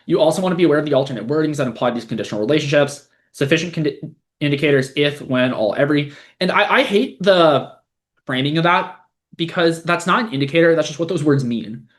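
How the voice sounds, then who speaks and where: Blunt fast-talking young man. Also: on the high side. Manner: blunt, sarcastic, swears freely. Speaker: podcast host, LSAT tutor. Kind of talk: casual commentary reading a post aloud.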